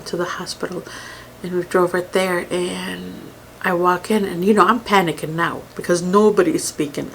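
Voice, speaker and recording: A woman telling a painful personal story on camera, halting and emotional, with many pauses and fillers, sometimes dropping to a whisper. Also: on the low side, gravelly, a little hiss or hum, rough recording. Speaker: mukbang creator. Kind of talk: storytime while eating.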